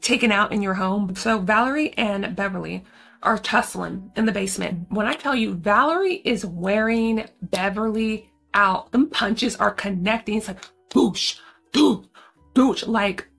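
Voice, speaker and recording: A woman's voice: mid-range voice, normal speed, creaky, fairly bright tone, faint music behind. A young woman casually recapping a horror film, chatty and slangy, full of asides. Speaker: movie reviewer.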